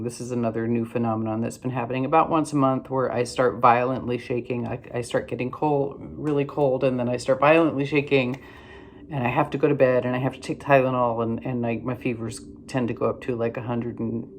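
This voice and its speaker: Tired older woman, rambling wry story. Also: very deep voice. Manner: rambling, wry, many fillers and restarts. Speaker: vlogger. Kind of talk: casual storytelling to camera.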